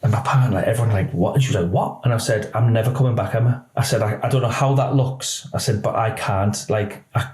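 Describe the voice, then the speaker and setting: Male, ex-police interview guest; low voice, halting, emotional delivery; roomy echo. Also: a little mellow. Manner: halting, emotional retelling with many restarts. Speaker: podcast guest, former police officer. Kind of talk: candid interview storytelling.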